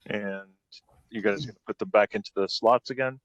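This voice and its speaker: Low-voiced man running a tabletop game. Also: fairly even intonation, a bit bright, dry recording, lo-fi sound. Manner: unhurried, frequent ums and uhs. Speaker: game master.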